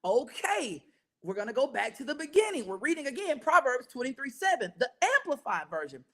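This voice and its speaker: A man's voice: very high-pitched, fairly quick. A man teaching an interactive Bible study, keeping check on his listeners with frequent "right?" and leading call-and-response. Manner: energetic, keeps checking in with listeners.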